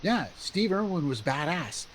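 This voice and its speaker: A man's voice: a little high, very animated, unhurried, fairly bright tone, slight background noise. A man co-hosting a casual podcast chat, joking and putting on mocking voices. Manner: jokey, slips into mocking voices. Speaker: podcast co-host.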